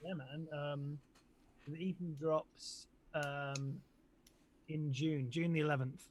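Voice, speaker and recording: A man's voice: a little high, takes it slowly, a little hiss or hum. A man with an English accent, a band's singer and producer, chatting loosely in an interview with lots of ums and likes. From England. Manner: relaxed, rambling, many ums and likes. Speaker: band vocalist and producer. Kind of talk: casual interview chat.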